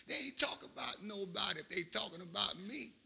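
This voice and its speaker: A middle-aged man, a pastor, preaching a sermon in a rhythmic cadence that swings from quiet asides to shouted peaks. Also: high-pitched, expressive, fairly quick, gravelly, slight background noise.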